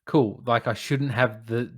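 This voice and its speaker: A man's voice: medium pitch, fairly quick. A man co-hosting a casual film review chat, telling things in a loose, laughing way. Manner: laughing, animated storytelling with quoted asides. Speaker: podcast co-host, film reviewer.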